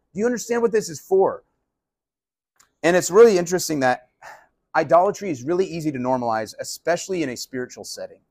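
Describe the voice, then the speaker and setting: A male pastor giving a casual, animated sermon. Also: fairly high pitch, fast talker, no echo. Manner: animated, conversational preaching.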